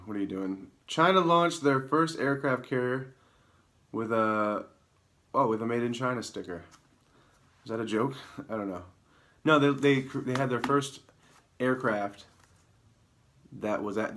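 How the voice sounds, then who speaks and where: Rambling low-voiced man joking through news. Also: measured pace. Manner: rambling, self-mocking, deadpan asides. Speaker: comedy show host. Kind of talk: improvised comedic news rundown. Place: alone in a room, talking to camera.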